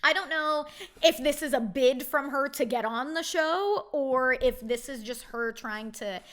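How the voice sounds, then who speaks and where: A woman's voice: high-pitched, unhurried, a bit bright. A young woman hosting a reality TV recap, giving blunt, indignant commentary in a casual way.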